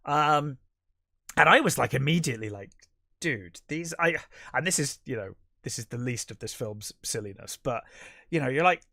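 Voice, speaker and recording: A man's voice: mid-range voice, expressive, moderate pace, creaky, bright, forceful tone, dry recording, studio quality. A man co-hosting a podcast, recapping a film plot in casual chat, rambling with many fillers and restarts. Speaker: podcast co-host.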